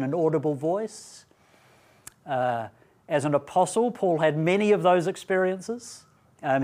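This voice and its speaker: A man giving a Bible talk at a student training event, speaking deliberately and emphatically and asking rhetorical questions. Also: fairly high pitch.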